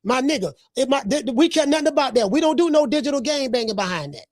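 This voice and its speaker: A woman's voice: high voice, expressive, fast, dry recording, clean studio sound. A woman hosting a podcast, delivering brash, profane boxing commentary with lots of repetition. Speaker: podcast host.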